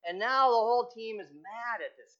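A man's voice: extremely high pitch, normal speed, fairly bright tone, highs cut off. A male pastor giving a conversational sermon, telling stories and asking rhetorical questions.

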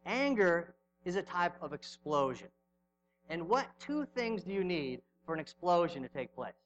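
A middle-aged male pastor preaching a sermon, telling stories with sudden swings from loud to hushed. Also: sits high, sing-song, normal speed, dull audio, a little hiss or hum.

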